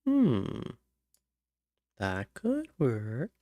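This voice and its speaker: Male songwriter, slow self-talk, trying rhymes under his breath, dry close recording. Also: medium pitch, huge pitch swings, warm tone, no room sound. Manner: muttering, trying out rhymes and humming syllables. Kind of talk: thinking aloud while writing lyrics.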